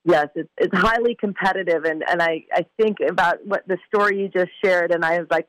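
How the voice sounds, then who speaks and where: A woman from California, a former softball player, answering interview questions in a measured, earnest way. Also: lowish voice, no echo, poor audio. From California, United States. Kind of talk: casual interview.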